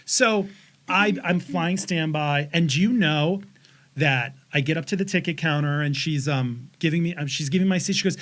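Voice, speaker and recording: A man in his forties co-hosts a podcast and tells a profane story in casual conversation, doing voices for the people in it. His voice is fairly high and fairly bright, at a normal speed.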